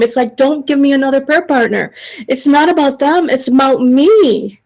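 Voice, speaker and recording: A woman with a slightly high voice speaks over a video call, rambling through her thoughts with frequent restarts and filler phrases. Her sharing is emotional and confessional, halting as she searches for words. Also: a little mellow, low-quality recording. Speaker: study group member sharing.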